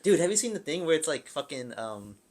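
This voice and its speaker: A young man co-hosting a podcast, talking in a relaxed, filler-heavy way and laughing often. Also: fairly high pitch, brisk. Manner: laid-back, laughs often, trailing filler-heavy sentences. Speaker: podcast co-host. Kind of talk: casual chat.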